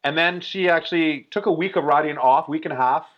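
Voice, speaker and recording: A man in his forties telling a story in a casual, animated way, full of "like" fillers. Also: a little high, brisk. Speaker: guest. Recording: dull lo-fi recording.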